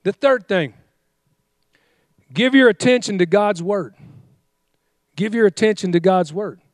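A man's voice: high-pitched, lively intonation, measured pace, no room sound, studio quality. A male pastor preaching a fiery sermon, exhorting his congregation with call-and-response commands.

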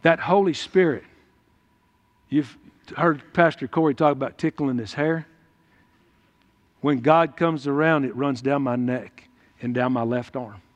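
A man's voice: mid-range voice, measured pace, long pauses, lo-fi sound. A man preaching a folksy, emphatic sermon to his congregation at church. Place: church hall. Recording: long hall reverb.

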